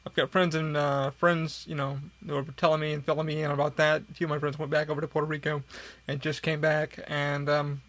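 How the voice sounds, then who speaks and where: A podcast host from upstate New York rambles casually in a hot room at home, swearing a lot. He sounds tired and yawns while talking. His fairly quick, slightly bright voice sits on the high side with little pitch movement, and there's no room sound.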